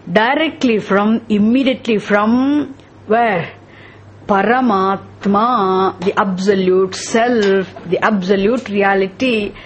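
A woman's voice: fairly high pitch, husky. A woman teaching a scripture class, explaining terms step by step and often asking the class questions. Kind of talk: scripture lesson.

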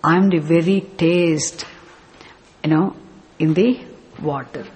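A man's voice: on the high side, takes it slowly, a little mellow. A man teaching a scripture class, explaining step by step with rhetorical questions and chanting verses. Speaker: spiritual teacher.

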